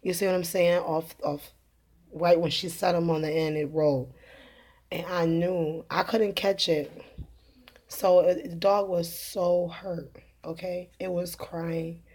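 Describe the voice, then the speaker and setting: A woman who talks in a rambling, earnest way, laughing often and filling pauses, as she tells viewers of her religious video channel about her day. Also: on the low side, steady tone, darkish tone. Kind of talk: casual spoken testimony to camera.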